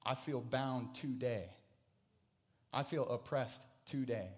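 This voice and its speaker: A man preaching a sermon, earnest, often repeating words, moving between hushed reflection and loud, emphatic proclamation. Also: medium pitch, slow. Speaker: pastor.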